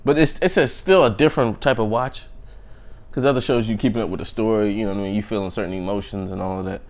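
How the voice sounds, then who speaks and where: A man's voice: on the low side, fast talker. A man hosting his own podcast alone, chatting casually and rambling from joke to joke, often laughing at his own lines. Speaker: podcast host. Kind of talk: casual solo podcast chat.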